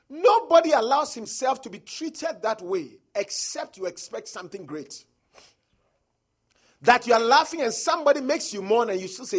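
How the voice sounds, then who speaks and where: A male preacher with a husky voice delivers an emphatic sermon. His pitch sits high and leaps around a lot as he quotes scripture and drives his points home. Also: lively intonation, moderate pace.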